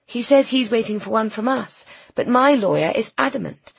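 Woman doing spoiled pouty young woman, storybook role, breathy, raised pitch, dry close sound. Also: lively intonation, normal speed, no room sound, heavily acted. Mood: petulant. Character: pampered, spoiled young woman, wistful and petulant. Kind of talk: audiobook character voice.

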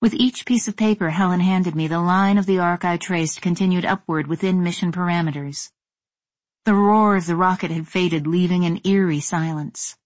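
A woman reading a first-person story in a measured, tense narrating voice. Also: on the low side, dry recording. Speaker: audiobook narrator.

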